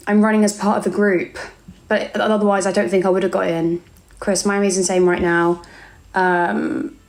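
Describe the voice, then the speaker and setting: A young English-accented woman with a slightly mellow, mid-range voice chats casually on a live stream. She reads out viewer comments and calls people darling.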